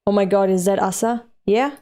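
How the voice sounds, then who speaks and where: A woman's voice: mid-range voice, moderate pace, warm tone. A young woman from Europe, reading a comic aloud and reacting with laughs, gasps and swearing. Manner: swears freely, laughs, gasps and exclaims at the story. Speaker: manga reader reacting on camera.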